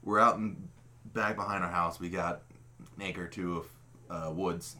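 A man's voice: low-pitched, steady tone, moderate pace, bright, forceful tone. A man telling a long funny story from his childhood in casual, profane, self-mocking chat. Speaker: podcast host telling a story. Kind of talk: casual storytelling among friends.

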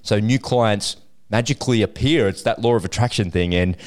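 A man's voice: lowish voice, moderate pace. A man hosting a casual business podcast, chatty and encouraging, telling stories about tradespeople. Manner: chatty storyteller, relaxed and encouraging. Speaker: podcast host.

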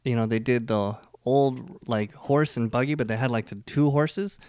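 A man's voice: medium pitch, normal speed, a little mellow, dry recording, clean studio sound. Rambling man spinning a cowboy joke. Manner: loose rambling joke-telling with many fillers and restarts. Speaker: podcast co-host telling his faith story. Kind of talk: casual conversational storytelling.

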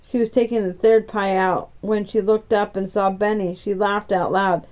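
A woman reading a children's chapter book aloud in a gentle, even storytelling manner. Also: medium pitch, moderate pace. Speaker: reader. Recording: dull lo-fi recording.

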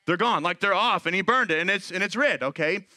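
A man in his thirties preaching a sermon as pastor, animated and acting out quoted voices. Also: high voice, fairly quick, dry recording.

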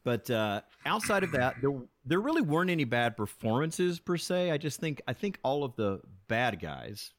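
A man's voice: mid-range voice, sing-song, normal speed, hardly any pauses, a little hiss or hum. Chatty man guest on a podcast. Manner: chatty, enthusiastic, with frequent restarts. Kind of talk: casual podcast chat.

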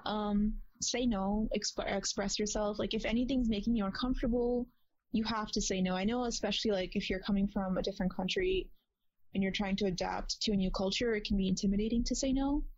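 A woman's voice: mid-range voice, brisk, darkish tone, dull audio. A woman co-hosting a casual podcast who gives advice and teaches phrases in an encouraging way. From grew up speaking Telugu. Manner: advising, encouraging. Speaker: podcast co-host.

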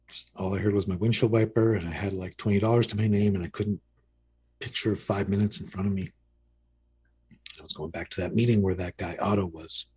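Man in his fifties, deep voice, very husky, candid recovery story, self-mocking. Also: darkish tone. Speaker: podcast guest. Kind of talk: recovery story told in casual conversation.

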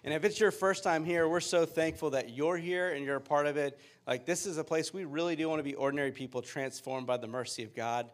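A man's voice: a little high, a little fast, hardly any pauses. A man in his thirties, a pastor giving a sermon with upbeat, joking storytelling.

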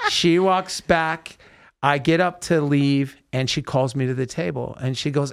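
Animated male podcast host telling stories. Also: fairly high pitch, moderate pace, vocal fry. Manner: animated storyteller acting out quotes. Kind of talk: casual storytelling chat. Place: podcast studio.

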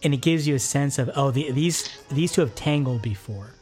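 Guy gushing about a film scene, easygoing mid-pitch voice, faint music under it. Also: normal speed, darkish tone. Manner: enthusiastic, chatty, many restarts. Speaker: podcast co-host. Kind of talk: casual movie commentary chat.

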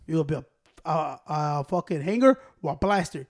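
A young man telling a story in casual chat with friends, profane and animated, breaking into laughs. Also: a little high, moderate pace. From Hispanic American.

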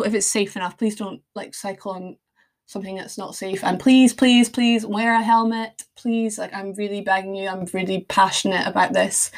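A young woman with a mid-range, gravelly voice hosts a casual solo podcast, chatting with fillers, tangents and self-deprecating asides.

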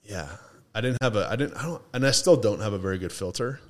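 Deep low-voiced guy chatting on a podcast, rambly, keeps restarting sentences. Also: lively intonation, fast. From Toledo, Ohio. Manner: rambling, many restarts and laughs. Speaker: podcast guest. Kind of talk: casual chat. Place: indoors, recorded session with drinks.

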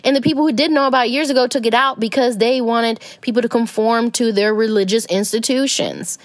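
A woman's voice: a little high, steady tone, a little fast, no room sound. A young adult woman hosting a podcast, talking casually about self-help and spirituality in a rambling way with many fillers. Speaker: podcast host.

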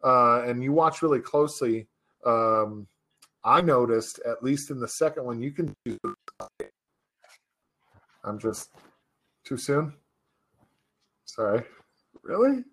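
A man chatting on a podcast, telling a story with gusto and dropping into quick voices for the people he quotes. His voice sits in the middle of the male range. He jokes as he goes. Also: mid-range voice, expressive, a bit bright. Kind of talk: casual podcast chat.

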